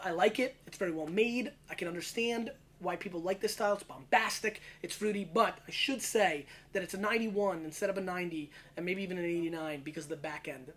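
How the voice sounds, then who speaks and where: A man in his thirties hosting his own wine review show, talking in a brash, slangy, rapid-fire way as he scores and riffs on each bottle. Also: sits high, fairly bright tone, a little hiss or hum. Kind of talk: casual video wine review.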